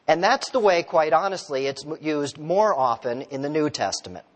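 A male pastor preaching a sermon in a relaxed, conversational way, telling stories and asking the congregation questions. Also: on the high side, moderate pace. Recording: long reverb of a large hall.

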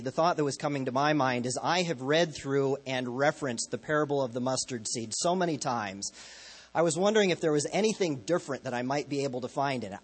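A man's voice: medium pitch, breathy edge. A man preaching a sermon as a pastor, telling stories in a conversational, lightly humorous way.

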